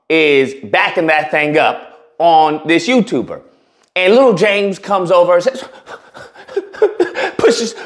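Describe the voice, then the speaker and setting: A man delivers a blunt, provocative commentary rant in a mocking, emphatic tone. His voice sits high, and it swoops up and down with lively, animated pitch. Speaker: commentary YouTuber.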